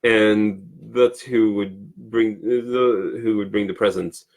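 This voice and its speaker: A Swedish man co-hosting a casual livestream, explaining customs with many pauses and restarts. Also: lowish voice, fairly even intonation, darkish tone. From Sweden. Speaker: co-host teaching Swedish. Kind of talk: casual teaching chat.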